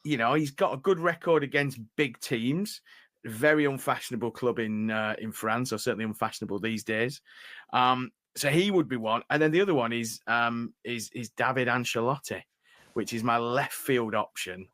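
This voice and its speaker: A man's voice: medium pitch, normal speed, no echo, studio quality. Chatty northern English man. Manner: animated, chatty, laughs easily. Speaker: podcast host. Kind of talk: casual football chat.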